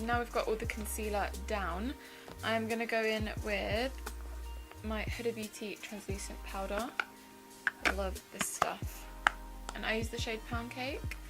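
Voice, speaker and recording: A woman's voice: medium pitch, rough recording. A young woman in her twenties, chatting enthusiastically as she walks through a makeup tutorial step by step. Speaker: beauty vlogger. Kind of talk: casual makeup tutorial narration. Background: background music.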